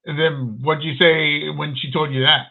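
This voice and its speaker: A man's voice: on the high side, flat delivery, moderate pace, vocal fry. A man hosting a podcast interview, reacting briefly and laughing easily. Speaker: podcast host. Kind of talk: casual interview chat. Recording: phone-like remote call audio.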